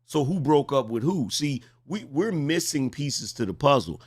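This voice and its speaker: A man's voice: medium pitch, animated, normal speed, a little mellow. A man in his forties hosting reaction commentary, mocking and incredulous, pressing the same question again and again. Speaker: commentary host.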